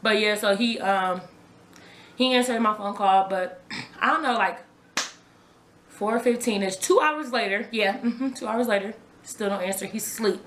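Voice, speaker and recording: A woman's voice: medium pitch, a little slow, a bit bright, reverberant, a little hiss or hum. A young woman recounting a personal story to her viewers in a casual, conversational way, often repeating herself. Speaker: vlogger telling her own story. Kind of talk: raw personal storytelling to camera.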